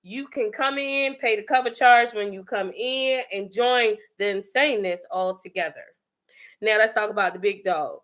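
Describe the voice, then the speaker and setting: A woman's voice: mid-range voice, moderate pace, fairly bright tone. A woman from the Bronx hosting a casual livestream, chatting and greeting viewers by name. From the Bronx, New York. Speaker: livestream host.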